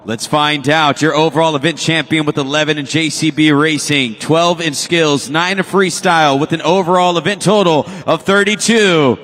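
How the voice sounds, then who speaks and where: A man announcing a stadium monster truck show, calling out scores and winners in drawn-out, shouted lines. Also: fairly high pitch, long reverb tail. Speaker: arena announcer. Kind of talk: stadium event commentary. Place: large indoor stadium.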